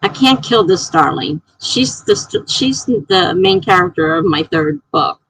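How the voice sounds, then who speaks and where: A woman's voice: medium pitch, big pitch swings, a little slow, creaky, fairly bright tone, husky, no echo, poor audio. A woman hosting a casual writing livestream. She chats, laughs often, thinks aloud and reads viewer comments out.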